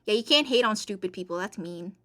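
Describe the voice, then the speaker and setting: A woman's voice: medium pitch, animated, brisk, a bit bright. A woman streamer in casual chat, reading and answering chat, playful and rambling with frequent giggles.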